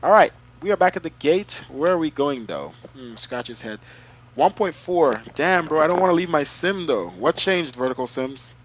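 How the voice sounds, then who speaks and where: A man's voice: on the high side, normal speed, highs cut off, a little hiss or hum. A man streaming a flight simulator, chatting casually to his viewers and muttering to himself as he works. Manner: excitable, mutters to himself while clicking through menus; chats to viewers. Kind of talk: casual live-stream commentary.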